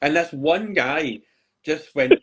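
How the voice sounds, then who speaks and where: A man chatting casually on a podcast, animated and swearing freely as he tells stories. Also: fairly high pitch, slow, a loud crowd. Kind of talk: casual chat.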